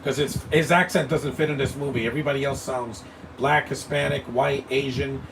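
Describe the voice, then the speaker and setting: A man's voice: medium pitch, steady tone, normal speed, gravelly. A man giving live movie commentary, blunt and opinionated, rambling and stammering over his words. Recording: distant mic with air-conditioning hum.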